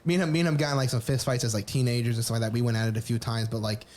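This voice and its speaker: Dude on a podcast rattling off his life story real quick, lots of restarts, swears casually, normal pitch. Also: fairly even intonation, darkish tone, a little hiss or hum. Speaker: podcast co-host. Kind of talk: candid personal storytelling.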